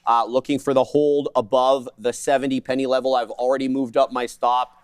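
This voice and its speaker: A man co-hosting a live trading broadcast, rattling off prices, stops and spreads with casual joking asides. His voice sits at a middling pitch, recorded close and dry in a studio. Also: flat delivery, clear, resonant tone, no echo. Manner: fast jargon-filled trade calls, joking asides. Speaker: day trading show co-host.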